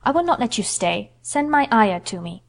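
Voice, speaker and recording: A woman's voice: a little high, sing-song, moderate pace. Woman voicing Mary, a spoiled angry little girl. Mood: imperious. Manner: imperious, scolding.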